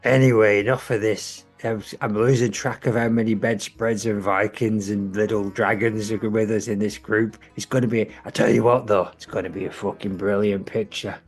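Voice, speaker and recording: A man's voice: on the low side, fairly even intonation, normal speed, few pauses, faint music behind. A man hosting a comedy podcast, narrating improvised role-play in a sweary, rambling way.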